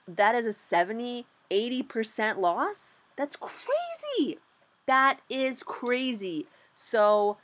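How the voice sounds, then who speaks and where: Animated young woman vlogging her trades. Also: medium pitch. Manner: animated and candid, lots of "like" and swearing. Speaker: beginner stock trader vlogger. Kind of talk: casual vlog recap.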